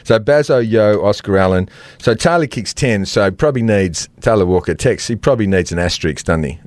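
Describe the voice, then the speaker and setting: A middle-aged Australian man co-hosting a sports podcast, telling stories with lots of laughs and animated swings into quoted voices. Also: brisk, dry recording. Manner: animated storyteller, laughs often, jumps pitch for quoted voices. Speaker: podcast co-host. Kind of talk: casual sports chat.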